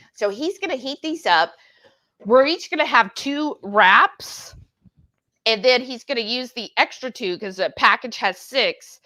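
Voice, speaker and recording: Bright-voiced excitable woman. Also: fairly high pitch. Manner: excitable and chatty, teasing banter. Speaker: cooking livestream co-host. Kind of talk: casual livestream cooking chat. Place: home kitchen.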